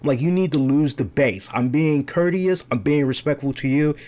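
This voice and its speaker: A man in a casual live-stream rant, retelling an annoying phone ordeal with animated, exasperated quoted dialogue. His voice sits a little higher than most men's. He talks straight to his viewers in a loose, conversational way. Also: moderate pace. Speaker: show host.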